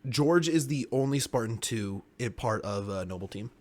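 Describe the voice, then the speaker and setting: A young man co-hosting a casual podcast chat, excitable and swearing freely as he pitches story ideas and acts out scenes. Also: moderate pace, crowd noise. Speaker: podcast co-host.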